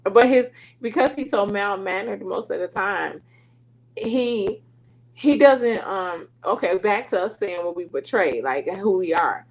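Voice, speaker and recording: Middle-aged woman, faith show host, chatty and animated storytelling, laughs a lot. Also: medium pitch, a little slow, rough recording. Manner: animated, laughing, slips into dialect and quoted voices. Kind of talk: casual storytelling to listeners.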